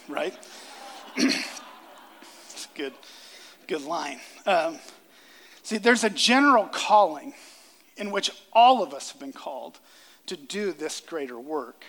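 Male pastor preaching, kinda high voice, earnest, keeps repeating lines for emphasis, big echoey church hall. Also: expressive, takes it slowly, pauses often, a bit bright, slight background noise. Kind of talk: sermon. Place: church sanctuary before a congregation. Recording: reverberant hall sound.

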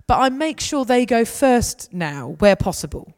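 A woman's voice: fairly high pitch, very animated, unhurried, a little mellow. A woman giving a conversational, anecdotal talk to a gathering. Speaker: speaker. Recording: reverberant hall.

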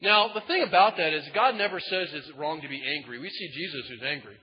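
A man preaching a sermon in a casual, folksy way, swinging between loud emphatic bursts and quiet asides. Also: fairly high pitch, fairly quick. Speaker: pastor. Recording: dull sound in a large reverberant hall.

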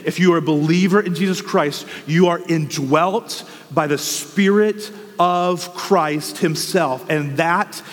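A man's voice: a little high, slow, few pauses, in a large hall. A man preaching a sermon, working through rhetorical questions with fervent, impassioned delivery. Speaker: pastor.

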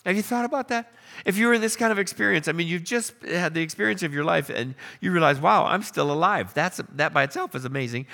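A man preaching a sermon, telling the story with animated questions and acted-out lines. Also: sits high, fast talker, creaky. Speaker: pastor.

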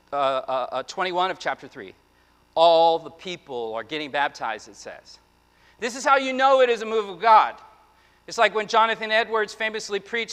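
A male pastor preaching a sermon, animated, slipping into the voices of his listeners and of the prophet. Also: high voice, clear, resonant tone, long reverb tail.

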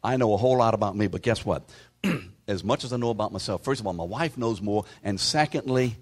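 A male pastor preaches to his congregation with a low, husky voice. He talks to them conversationally and calls out listeners by name. At times he sinks into a hushed whisper to drive a point home. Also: a little fast. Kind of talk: sermon.

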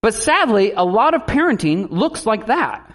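A man preaching a sermon as a pastor, in a lively style with animated asides. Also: high voice, normal speed.

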